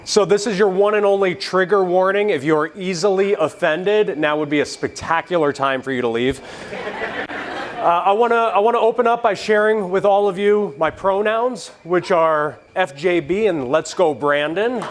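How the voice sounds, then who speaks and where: A man's voice: high-pitched, moderate pace, noisy background. Provocative man giving a convention speech. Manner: provocative, joking, preacher-like. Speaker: keynote speaker. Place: convention stage.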